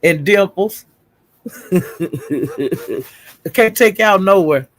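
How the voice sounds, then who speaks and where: A man's voice: high voice, expressive, drawn-out words, a bit bright, no room sound. A man hosting a casual livestream, gossiping and greeting viewers in the chat, calling them honey and child. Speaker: livestream host. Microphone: streaming setup.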